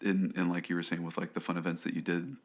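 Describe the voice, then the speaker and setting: Deep-voiced guy on a podcast, rambly, lots of you know's and restarts. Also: flat delivery, quick pace. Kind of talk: casual chat.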